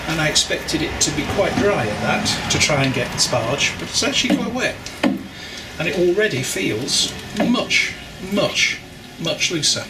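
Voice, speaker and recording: A man's voice: fairly high pitch, lively intonation, measured pace. Man chatting through a home brew. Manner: chatty, explaining as he works, wry asides. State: exerting while stirring. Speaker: home brewer. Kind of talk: casual how-to vlog narration. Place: home brewing setup. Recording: loud background noise with clattering.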